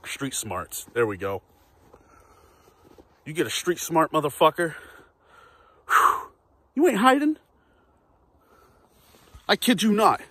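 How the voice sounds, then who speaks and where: A man's voice: a little high, huge pitch swings, slow, long pauses, pushed and bright, slightly rough, no room sound. A man ranting casually to camera in a vlog, profane, rambling and repetitive. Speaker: vlogger.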